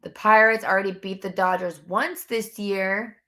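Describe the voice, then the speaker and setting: A woman's voice: mid-range voice, normal speed, hardly any pauses, sharp tone. A young woman hosting a casual sports live stream from home, bubbly and chatty, talking straight to her viewers. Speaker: sports podcast host. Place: home room near window.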